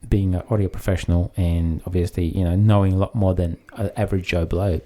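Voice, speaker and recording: A man's voice: low voice, level tone, fairly quick, warm tone. A man co-hosting a casual chat, talking in a loose, rambling way. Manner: loose and chatty, lots of fillers and "mate". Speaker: podcast co-host.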